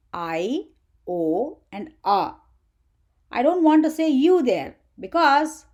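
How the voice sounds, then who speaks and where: A woman teaching an English grammar lesson for children, asking the viewer questions as she goes. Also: high-pitched. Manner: slow, sing-song teaching voice with questions to the viewer.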